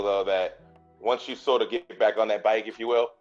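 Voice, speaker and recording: A man hosting a podcast, chatting in a relaxed way with a friend and cracking dry jokes. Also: fairly low pitch, normal speed, dull audio, faint music behind. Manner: laid-back, dry jokes. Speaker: podcast host and comedian. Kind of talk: casual podcast chat.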